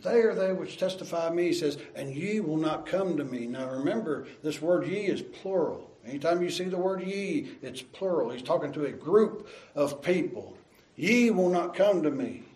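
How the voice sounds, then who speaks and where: A man preaching a sermon, earnest and repeating his words, reading scripture aloud slowly. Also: on the high side, darkish tone, reverberant, low-quality recording. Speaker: pastor.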